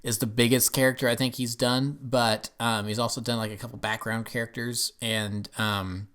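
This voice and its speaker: A man talking through an episode review in a loose, rambling way. He trails off often and stops to restart his sentences. His pitch sits at an ordinary middle height for a man. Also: little pitch movement, normal speed, a bit bright, smooth. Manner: rambling, full of fillers and restarts. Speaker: TV show reviewer. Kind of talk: casual spoken review.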